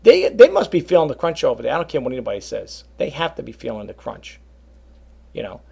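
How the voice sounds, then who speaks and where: A man talking casually to his viewers about reselling, rambling and animated, often calling them folks. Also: mid-range voice, quick pace, creaky, a little hiss or hum. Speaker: reseller vlogger. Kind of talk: casual talk to camera.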